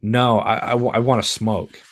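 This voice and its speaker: A man reading the part of a restless, troubled teenage girl with a halting, wry delivery. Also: mid-range voice, flat delivery, no room sound, clean studio sound, lightly acted.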